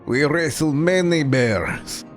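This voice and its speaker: Man doing thick-accented Russian papa, loud, slow, hammy. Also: soft background music. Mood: fond. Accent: put-on Russian. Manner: booming, drawn-out, theatrical. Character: boisterous thick-accented Russian father, middle-aged.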